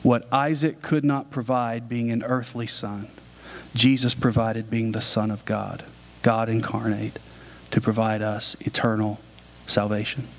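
A man's voice: on the low side, little pitch movement, unhurried. A man preaching a sermon, retelling a story in a casual, conversational way. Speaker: pastor.

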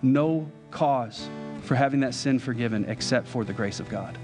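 A man's voice: medium pitch, moderate pace. Earnest pastor, man, guitar behind. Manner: earnest, pleading with repeated direct questions. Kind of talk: sermon. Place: church service. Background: soft guitar music.

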